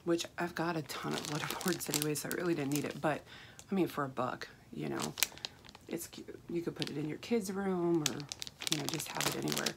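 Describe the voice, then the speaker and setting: A woman talks softly and casually, rambling through fillers and restarts. Her voice sits low and has a rough, froggy grain. A clear hiss runs under her voice, along with the crinkle of packaging. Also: a little fast. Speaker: craft haul vlogger. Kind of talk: casual chat.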